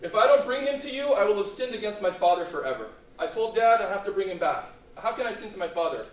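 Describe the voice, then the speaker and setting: A desperate, pleading brother, his voice climbing high and loud as he begs in anguish, as a man acts him out in a lecture. The sound is roomy and picked up from some distance, with faint ambience behind. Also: big pitch swings, quick pace. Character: pleading distraught older brother, adult man. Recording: roomy hall, distant mic.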